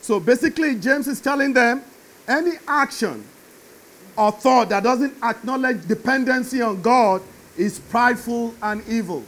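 A man preaching a sermon, animated and building to emphatic shouts. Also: extremely high pitch, normal speed.

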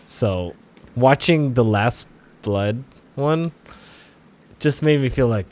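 A man's voice: medium pitch, animated, slow pace, long pauses, darkish tone, a little hiss or hum. A man co-hosting a podcast in casual chat, laid-back and rambling as he talks. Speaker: podcast co-host.

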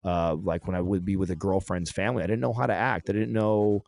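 A man talking through a painful personal story in a halting, emotional way, often restarting his sentences. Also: low-pitched, steady tone, creaky, a little mellow. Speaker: podcast guest.

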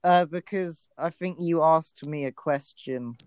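A man's voice: fairly high pitch, unhurried, clear, resonant tone, dry recording. A young man co-hosting a casual podcast and asking the questions, dry and matter-of-fact.

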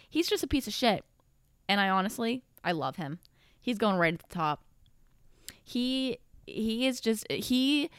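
A woman's voice: fairly low pitch, clean tone, no echo. A woman vlogger giving casual tier-list commentary, rambling, blunt and profane.

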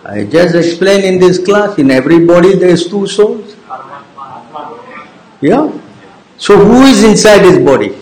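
A man's voice: high voice, animated, a little slow, long pauses, darkish tone, roomy sound, poor audio. A man teaching a devotional class, informal and teasing, who keeps checking with his listeners by asking "yes?" and "understand?" after each point. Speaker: religious teacher.

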